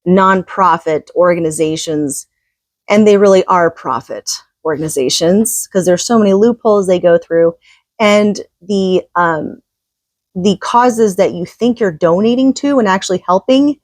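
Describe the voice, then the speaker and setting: Woman reader-commentator, low-ish voice, conversational, opinionated, dry sound. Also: dry recording. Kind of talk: casual commentary on a book reading.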